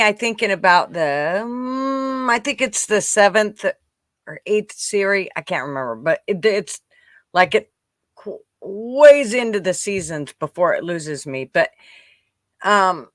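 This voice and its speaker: A man's voice: high voice, very animated, takes it slowly, fairly bright tone, dry recording, clean studio sound. A man co-hosting a casual podcast chat, offhand and profane, laughing as he talks. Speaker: podcast co-host.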